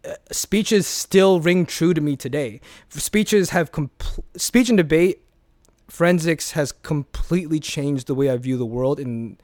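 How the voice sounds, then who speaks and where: Young adult male guest, fairly high voice, rambling and profane, dry close mic. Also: measured pace, dry recording. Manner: rambling with restarts, swears freely, animated. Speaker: guest, former speech competitor. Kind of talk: casual interview chat.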